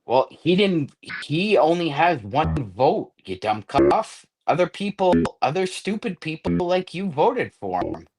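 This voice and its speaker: Man, podcast co-host, slightly high pitch, blunt, argumentative. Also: big pitch swings, unhurried, creaky, hardly any pauses, darkish tone, slightly rough. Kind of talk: casual sports podcast banter.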